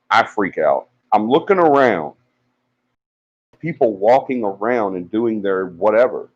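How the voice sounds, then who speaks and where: A man with a fairly low voice tells a story the way he would to friends. He rambles and uses plenty of fillers, and his voice jumps up when he acts out what people said. The audio sounds dull and lo-fi, like a home live stream. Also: darkish tone. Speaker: paranormal investigation team member on a live stream.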